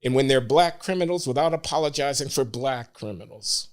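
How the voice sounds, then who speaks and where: Older male guest with a mid-pitched voice, measured and deliberate, gets emphatic. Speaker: podcast guest. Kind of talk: interview conversation.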